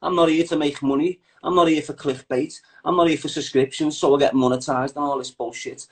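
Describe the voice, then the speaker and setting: A man's voice: fairly high pitch, fairly even intonation, fairly quick. A man, talking bluntly and combatively in a heated podcast chat, swearing a lot.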